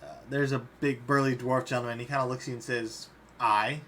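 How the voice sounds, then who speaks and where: A man narrating a tabletop game as game master, relaxed and quick to laugh. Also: medium pitch, slight background noise. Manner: relaxed, often breaks into laughter.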